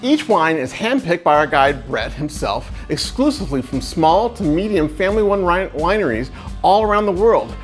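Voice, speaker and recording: A man's voice: a little high, big pitch swings, normal speed, soft background music. A man hosting a charity event, casual, chatty and a little scattered as he introduces the guest. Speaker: event host.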